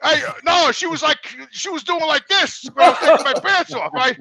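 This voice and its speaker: Lively, bright-voiced man in his sixties, telling a story. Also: very high-pitched, normal speed. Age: 60s. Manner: animated, acts out dialogue, grows loud and laughing. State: sore back, a bit out of breath. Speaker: regular panelist. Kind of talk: casual storytelling on a podcast.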